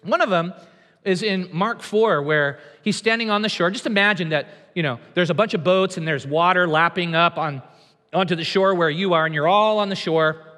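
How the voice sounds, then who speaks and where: High, bright-voiced preacher in a reverberant hall. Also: male voice, moderate pace. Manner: emphatic, conversational preaching with dramatized quotes. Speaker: pastor. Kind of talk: sermon.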